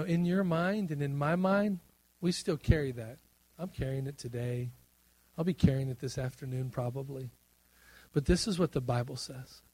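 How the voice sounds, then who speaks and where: High-voiced animated male preacher. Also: breathy edge, no echo. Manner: animated preaching, swings between loud emphasis and quiet asides; drawn-out emphatic phrases. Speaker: pastor. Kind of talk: sermon.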